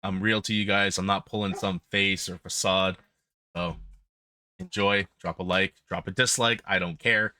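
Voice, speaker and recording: Deep-voiced blunt male podcast host. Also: steady tone, moderate pace, sharp tone, no echo. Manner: blunt, candid, with filler ums. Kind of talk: casual podcast chat.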